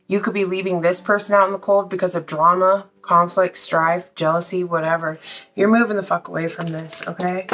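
A woman's voice: on the low side, noisy background. Chatty, blunt woman reading tarot. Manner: chatty, blunt, swears casually. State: out of breath. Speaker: tarot reader.

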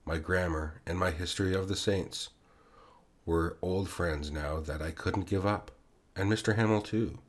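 A man reading a classic short story aloud in the first person, unhurried and expressive. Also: sits low.

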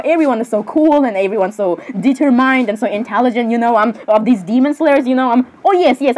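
Woman with a high voice for improvised solo comedy, fumbly and apologetic. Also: darkish tone, rough recording. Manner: hesitant, apologetic and giggly, with many restarts. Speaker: solo skit performer voicing many characters. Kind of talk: improvised comedic character skit.

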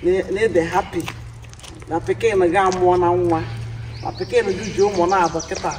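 A Nigerian woman vlogger speaking tearfully and softly to her late father, mixing Igbo and English. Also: fairly low pitch, fast talker. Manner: soft-spoken, mixing Igbo and English, pleading. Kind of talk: emotional personal vlog, talking to her late father. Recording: distant mic with noise.

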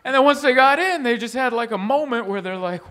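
Doing comedy on stage, a young man narrates with animated energy, leaping up and down in pitch as he voices others and chuckling at his own material. He talks briskly.

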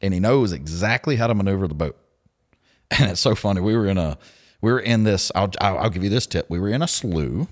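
A man hosting a podcast, telling stories in a lively, laughing way and acting out what others said. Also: low-pitched, brisk. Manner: animated storyteller, laughs often, acts out quotes. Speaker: podcast host. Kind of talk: casual storytelling chat.

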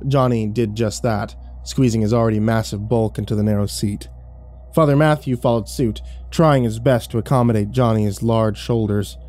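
A man narrating a scripted horror story in a measured, dramatic way. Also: lowish voice, fairly even intonation, dark tone, faint music behind.

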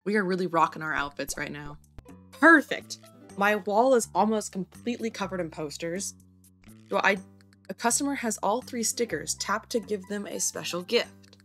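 A woman's voice: medium pitch, expressive, normal speed, a bit bright, soft background music. A woman playing a video game and commenting as she goes, chatting to the characters on screen. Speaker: gaming video creator.

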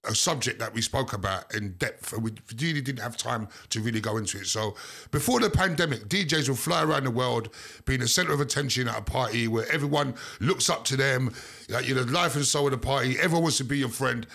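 A man's voice: medium pitch, fairly quick, creaky, a bit bright. A man hosting a podcast panel in a casual chat, chiming in briefly and encouragingly between guests. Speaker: podcast host.

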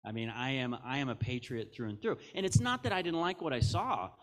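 A man's voice: medium pitch, expressive, a little fast, a bit bright. A middle-aged American man giving a conference keynote on stage, candid and jokey, telling stories with quoted asides. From United States. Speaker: keynote speaker.

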